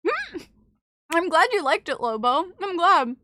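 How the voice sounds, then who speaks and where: A woman streamer talks at normal speed with her live chat while eating, staying animated and cursing freely, her voice jumping from loud exclamations to low asides. There's slight background noise.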